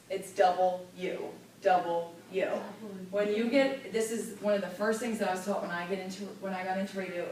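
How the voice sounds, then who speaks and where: Woman radio host giving a lively classroom talk, mid pitch, echoey room, caught from far off, slight hiss. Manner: lively, demonstrative, stresses clear enunciation. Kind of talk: classroom lesson.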